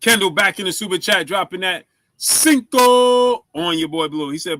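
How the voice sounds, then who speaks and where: Bright-voiced man hosting a casual live stream. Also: sits high, lively intonation, normal speed, no room sound. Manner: shouts out viewers, asks for likes; stumbles over words, repeats himself.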